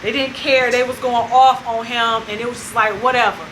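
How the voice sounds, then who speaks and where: High-pitched woman vlogging, chatty animated storytelling, steady noise behind her. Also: a little fast, poor audio. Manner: animated retelling that acts out other people's lines. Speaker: vlog host. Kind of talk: casual storytelling to camera.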